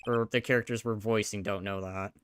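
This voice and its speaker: A man's voice: on the low side, fairly even intonation, brisk, a little hiss or hum. A man chatting casually and joking while voicing a game.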